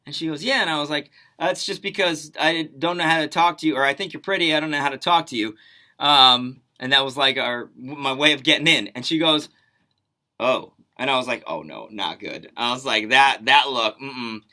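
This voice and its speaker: A man's voice: mid-range voice, a little fast. A young man co-hosting a radio show, telling a story in casual banter and acting out the quotes. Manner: animated storytelling with acted-out quotes. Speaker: radio co-host.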